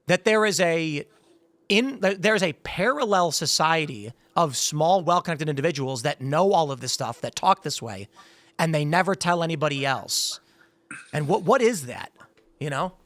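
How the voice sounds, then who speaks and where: A man's voice: a little high, a bit bright, no room sound. A man hosting a podcast, telling anecdotes in a casual, rambling way that often restarts sentences. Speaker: podcast host. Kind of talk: casual political chat.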